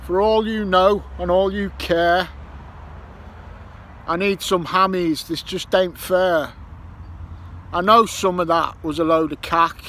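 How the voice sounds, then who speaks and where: An Irishman vlogs about metal detecting outdoors by a roundabout near a petrol station while he waits. His high-pitched, sharp voice keeps a steady tone, and he takes it slowly with long pauses. Swearing and grumbling, he makes up rhymes as faint traffic passes.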